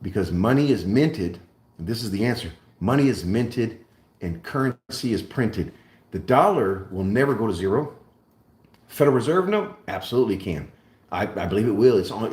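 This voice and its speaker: A man hosting a live stream, speaking emphatically and deliberately, repeating key points like a lecturer. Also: lowish voice, a little mellow, reverberant. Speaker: host. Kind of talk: live-stream monologue on precious metals.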